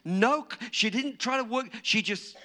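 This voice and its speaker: A man preaching a sermon, dramatic and storytelling, acting out quotes and rising to shouts. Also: very high-pitched, unhurried.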